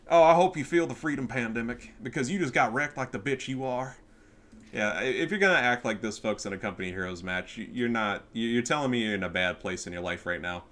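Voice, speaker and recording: A man casting a game replay, excitable and profane, full of trash talk. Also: medium pitch, brisk. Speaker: gaming commentator. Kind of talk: casual replay commentary.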